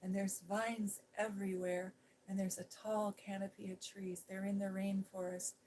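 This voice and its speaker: A middle-aged woman, an ASMR host, telling a personal story in a gentle, hushed voice that drifts into whispers. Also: medium pitch, little pitch movement, normal speed, rough recording. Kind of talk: soft-spoken storytelling.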